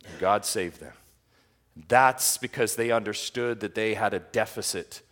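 A man with a lowish voice preaches a sermon in a church. He is impassioned, sinking to hushed, quiet lines and then climbing to loud, emphatic cries. Heard from the pulpit. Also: measured pace. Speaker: pastor.

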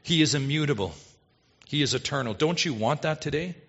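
A man's voice: a little high, animated, fairly quick, a bit bright, slightly rough. A male pastor preaching a sermon, reading scripture and praying, then building to emphatic, urgent exhortation. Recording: dull lo-fi sermon recording.

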